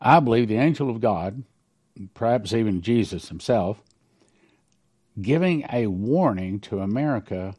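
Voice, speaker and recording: A man's voice: lowish voice, expressive, a little slow, pauses often, a little mellow. Emphatic man commenting on prophecies. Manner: emphatic, preachy, stresses key numbers.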